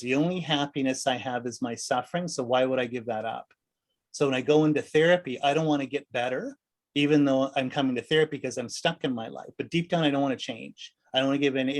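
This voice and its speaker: A man leading a meditation class, talking in a loose, conversational way, often asking "right?" and acting out little voices. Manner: rambling, conversational, full of rhetorical "right?"; acts out voices with sudden high pitch jumps. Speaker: meditation teacher. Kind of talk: casual dharma class talk.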